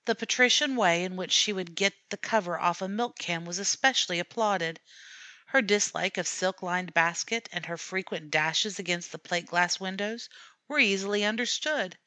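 A woman reading a classic story aloud as an audiobook narrator, in a measured, steady way. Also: mid-range voice, no echo.

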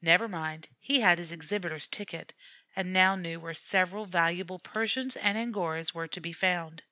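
A woman reading a classic story aloud as an audiobook narrator, in a measured, steady way. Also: fairly low pitch, no room sound.

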